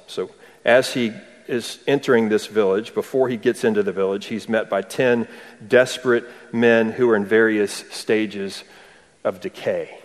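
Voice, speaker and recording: A man's voice: fairly low pitch, fairly even intonation, a little slow. A man preaching an expository sermon, asking rhetorical questions and adding dry humor. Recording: long hall reverb.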